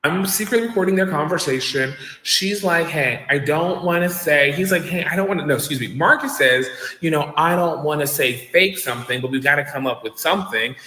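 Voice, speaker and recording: A man with a bright, somewhat high voice tells a rambling story and acts out the lines he quotes. He was recorded in an echoey room with a long reverb tail. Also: brisk, few pauses. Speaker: guest telling his story. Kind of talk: storytelling in a video clip.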